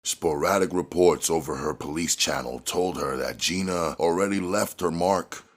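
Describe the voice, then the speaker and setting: A man narrating an action novel aloud in a measured way that climbs on dramatic moments. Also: sits low. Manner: measured, rising on action beats. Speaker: audiobook reader.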